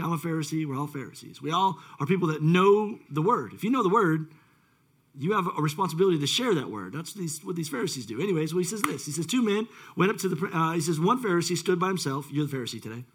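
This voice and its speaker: A man's voice: fairly high pitch, sing-song, quick pace, fairly bright tone, husky. A male pastor preaching a casual, rambling sermon with many fillers and self-deprecating asides.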